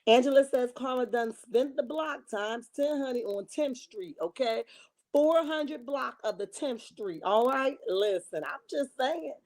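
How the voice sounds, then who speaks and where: A woman's voice: fairly high pitch, moderate pace, a little mellow. A woman hosting a casual gossip livestream, reading viewer comments aloud and calling her viewers honey and baby. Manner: reenacts dramatic quotes. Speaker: livestream host reading chat.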